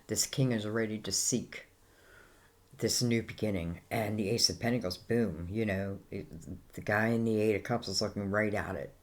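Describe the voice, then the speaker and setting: A woman's voice: rumbling low, fairly even intonation, normal speed. An Irish woman giving a casual, rambling tarot reading, full of fillers like "you know" and "I feel like". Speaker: tarot reader.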